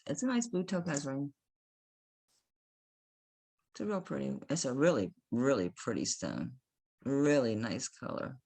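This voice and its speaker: Southern woman, home jewelry seller; deep voice that swings around, chatty and self-mocking. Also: expressive, darkish tone, breathy edge, poor audio. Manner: chatty, impatient, quick to laugh at herself. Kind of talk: casual selling vlog.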